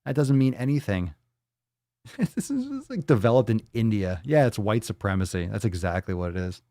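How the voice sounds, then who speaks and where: A man's voice: fairly low pitch, big pitch swings, normal speed, mellow, dry recording, clean studio sound. A man hosting a casual livestream, talking bluntly and rambling, swearing freely as he reads and answers viewer comments. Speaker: livestream host.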